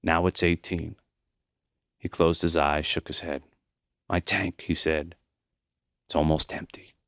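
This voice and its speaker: A man voicing a gentle, dying old male professor in an audiobook, speaking softly and calmly, his voice wobbly and short of breath. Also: extremely low pitch, measured pace, creaky, no room sound, clean studio sound, voice pushed down, heavily acted. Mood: weary. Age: older. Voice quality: soft. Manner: calm, accepting, wobbly when breath runs short.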